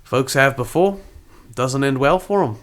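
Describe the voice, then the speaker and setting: A man doing a mellow koala alchemist with a folksy, put-on Australian drawl, a calm, unhurried hermit in a tabletop game. His voice sits in an ordinary middle pitch and he talks in easy, plain sentences. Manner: laid-back, folksy, breaks off to laugh. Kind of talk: tabletop role-play.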